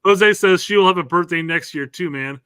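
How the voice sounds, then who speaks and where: A man's voice: sits high, brisk, bright, forceful tone. A man co-hosting a casual live stream, bantering and laughing with the host.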